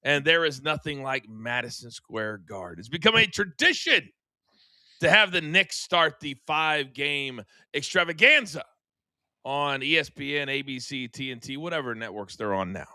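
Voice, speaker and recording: Lively bright-voiced male sports host. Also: medium pitch, normal speed, no room sound. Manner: playful, teasing, hands out segments. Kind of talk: animated sports talk.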